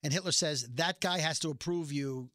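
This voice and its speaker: Man, high voice, bright, dry close sound, casual rambling recap. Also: moderate pace, no room sound. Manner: rambling recap, acting out characters' lines. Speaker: podcast co-host recapping a TV episode. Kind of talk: casual chat.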